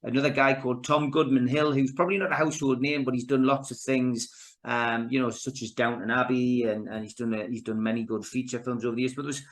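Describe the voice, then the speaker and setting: A man's voice: medium pitch, fairly even intonation, fast. Chatty fifty-year-old Geordie man. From Newcastle, England. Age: 50s. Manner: chatty, anecdotal storytelling. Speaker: guest. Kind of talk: casual podcast interview.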